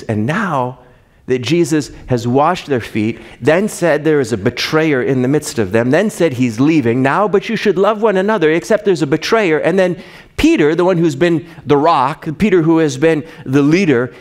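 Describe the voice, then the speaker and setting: A pastor preaching a sermon, rising for rhetorical questions and dropping soft when reading scripture. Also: male voice, a little high.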